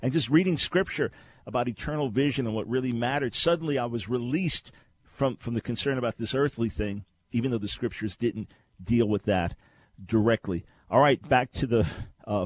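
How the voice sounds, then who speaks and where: A man's voice: medium pitch, normal speed, no echo. A man hosting a Christian call-in radio show, teaching in an earnest, conversational way with frequent restarts. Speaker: radio talk show host. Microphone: studio microphone.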